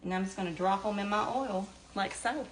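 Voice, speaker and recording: Talking a little fast in a medium pitch, a middle-aged home cook with a Southern US accent chats casually through her kitchen demo, calling viewers y'all in a down-to-earth way. The background is noisy with oil sizzling and frying.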